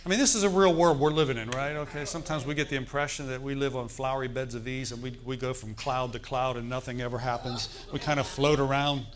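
A middle-aged male pastor, telling a story in a sermon in a conversational, animated way and asking the congregation questions. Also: medium pitch, fast talker, hardly any pauses.

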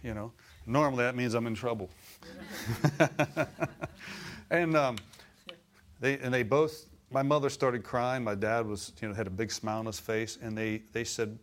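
Middle-aged male preacher, anecdotal sermon delivery, bursts of emphasis, mid-pitched voice. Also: steady tone, moderate pace, a little hiss or hum. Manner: storytelling, rising to emphatic exclamations.

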